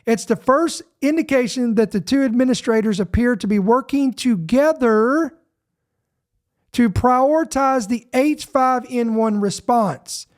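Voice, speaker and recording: A man from Georgia, hosting a podcast and reading news headlines aloud. He talks emphatically, slows down to stress certain words and often repeats himself mid-sentence. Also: very high-pitched. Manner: repeats himself, self-interrupting. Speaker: podcast host.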